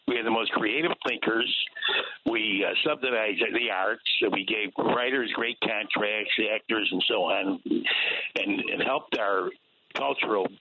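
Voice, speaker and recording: A man calling in to a radio show, talking emphatically and asking rhetorical questions. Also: mid-range voice. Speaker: caller. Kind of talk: call-in radio talk. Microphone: telephone. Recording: tinny phone line with faint hiss.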